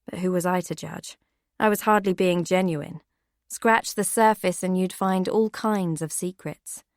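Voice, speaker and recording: A woman giving steady, measured first-person audiobook narration. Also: lowish voice, dry recording, studio quality.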